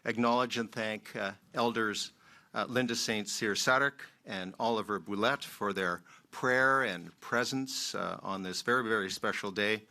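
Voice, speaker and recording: A man from Manitoba, a member of Parliament, giving a formal ceremonial speech in a measured, emphatic way with many pauses. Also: on the low side, vocal fry, sharp tone. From Manitoba, Canada.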